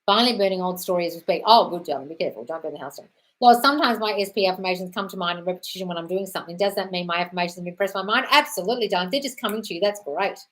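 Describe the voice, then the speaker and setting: A woman's voice: fairly low pitch, rapid-fire, low-quality recording. Breezy woman answering live questions. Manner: breezy and chatty, calls everyone darling. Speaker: host. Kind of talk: live stream Q&A, reading viewer questions aloud.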